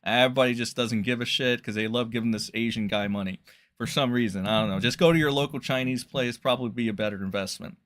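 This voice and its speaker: Man, streamer, rambling profane rant, bright sharp voice, sarcastic. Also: mid-range voice, fast. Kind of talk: livestream rant.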